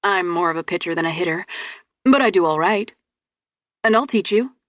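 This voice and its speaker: A woman's voice: on the low side, lively intonation, normal speed, no echo, clean studio sound, lightly acted. A woman narrator voicing a friendly, confident young man who speaks in an encouraging way.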